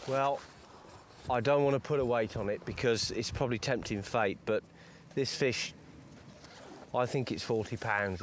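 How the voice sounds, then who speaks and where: A man's voice: mid-range voice, a little hiss or hum. A man, presenting a fishing show outdoors by the water in a matey, encouraging way. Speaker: angler presenter. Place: outdoors by a lake and river.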